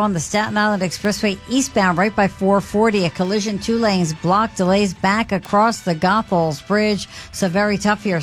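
A woman reporting traffic on the radio in a brisk, matter-of-fact way. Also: medium pitch.

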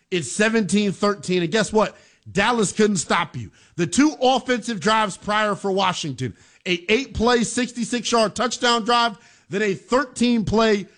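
A man's voice: sits high, a bit bright. A man hosting a sports talk show, giving heated, emphatic commentary with casual slang. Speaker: sports radio host.

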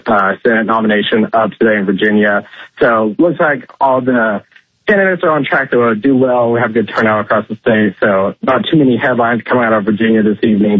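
Male phone-in commentator, husky voice, tinny dry phone line, measured and filler-heavy. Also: mid-range voice, dry recording. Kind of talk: talk radio phone interview. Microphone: telephone.

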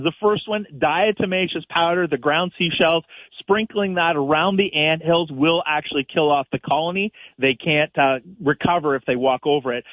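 A man's voice: a little high, no room sound. A man from Canada, a gardening expert on a radio call-in, giving practical step-by-step advice with easy laughs. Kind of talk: casual advice chat. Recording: tinny phone-line sound.

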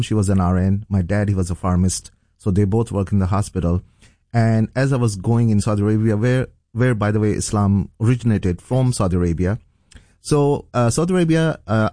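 A man's voice: lowish voice, dark tone, no echo, studio quality. A middle-aged man from Pakistan, a pastor, earnestly telling his personal testimony as an interview guest. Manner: earnest, storytelling.

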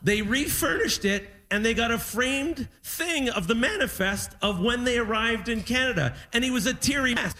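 A man's voice: very high-pitched, normal speed, hardly any pauses, sharp tone. A man doing a stand-up comedy set on a concert hall stage, telling a family story and acting out the voices.

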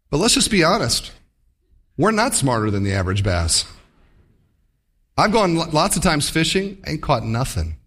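Guy preaching a sermon, super animated, voice jumping high and low as he acts stuff out. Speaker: pastor. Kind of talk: sermon with storytelling.

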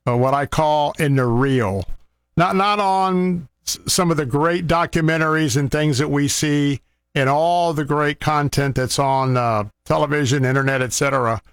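Male faith-show host, earnest and rambling, slightly high voice, dry studio sound. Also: moderate pace, clear, resonant tone, dry recording. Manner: heartfelt, rambling with restarts and fillers. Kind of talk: earnest fundraising appeal.

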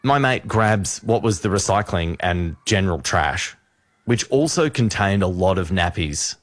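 A man co-hosting a radio show, telling a funny story with lively repetition. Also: low-pitched, measured pace, no room sound. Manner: animated storyteller, repeats punchlines. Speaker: radio host. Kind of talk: casual radio banter, storytelling. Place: radio studio. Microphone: studio microphone.

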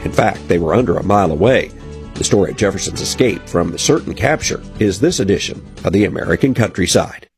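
A man narrates a radio history segment in a measured, storytelling way. His voice sits low and gravelly with a husky grain, recorded dry and close. Faint music plays softly underneath. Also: lively intonation.

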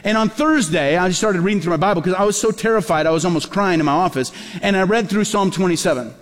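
A male pastor preaching a sermon in a church, telling stories in a lively way and acting out the voices of the people in them. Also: high-pitched, fast. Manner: lively storyteller who acts out quoted voices. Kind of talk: storytelling sermon. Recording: long hall reverb.

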